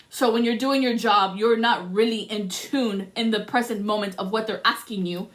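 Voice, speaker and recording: A woman's voice: fairly high pitch, fairly even intonation, moderate pace, hardly any pauses, fairly bright tone. A woman speaking as a spiritual reader in a passionate, profane rant to her viewers. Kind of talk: emotional monologue to camera.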